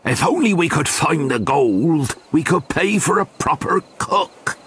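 A man's voice: fairly high pitch, expressive, measured pace, fairly bright tone, a little hiss or hum, voice pushed up. A man voicing a wistful male pirate captain in a storybook reading. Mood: wishful.

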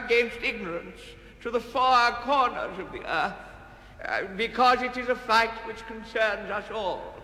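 An actor playing a pompous middle-aged politician who gives an orotund, evasive speech in a comic recording. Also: male voice, high-pitched, sharp tone, heavily acted. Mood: blustering. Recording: echoey hall reverb.

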